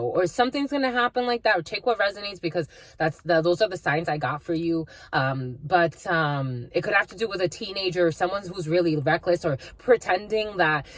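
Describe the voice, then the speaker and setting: A woman's voice: fairly low pitch, dry recording. A woman giving a casual spiritual reading, rambling with many fillers and restarts. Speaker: spiritual reader.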